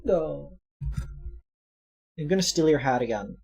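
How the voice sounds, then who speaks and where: A woman's voice: low-pitched, lively intonation, a little slow, creaky, darkish tone, slightly rough. A woman streaming a game, reading its text aloud and teasing her friends in casual chat. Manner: playful, teasing.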